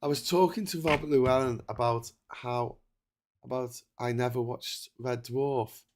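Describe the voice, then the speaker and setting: Guy on a livestream, tired, chatty, laughs a lot, restarts sentences, reads out chat messages, middle pitch. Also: slight background noise. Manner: excitable and chatty, quick to laugh, many restarts. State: tired from a long stream. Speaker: livestream host. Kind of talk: casual livestream chat, reading out viewer messages.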